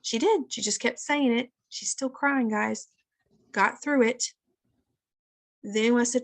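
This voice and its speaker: Chatty woman with a gravelly voice. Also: on the high side, slow pace, pauses often. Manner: chatty, keeps addressing listeners as guys. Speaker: wellness session leader. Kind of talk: casual live teaching session.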